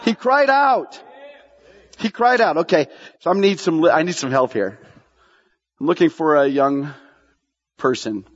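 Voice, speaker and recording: A male pastor preaching with a high, lively voice that swings widely as he presses questions on the congregation. The sound is dull and lo-fi, with a long reverb trailing off the church walls. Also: moderate pace, long pauses, slightly rough. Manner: animated preaching, repeats lines for emphasis, asks the congregation questions. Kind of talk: sermon.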